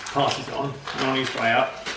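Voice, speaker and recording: In a very noisy, roomy recording captured far off camera, a middle-aged man vlogs casually from indoors at home, telling a rambling joke. His voice is medium-pitched with little pitch movement and a moderate pace.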